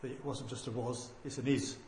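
A man preaching a sermon, swinging between loud proclaiming and quiet, low asides. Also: steady tone, brisk, heavy reverb.

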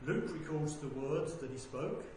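A man preaching a sermon, swinging between loud proclaiming and quiet, low asides. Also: lively intonation, normal speed, very echoey, slight background noise.

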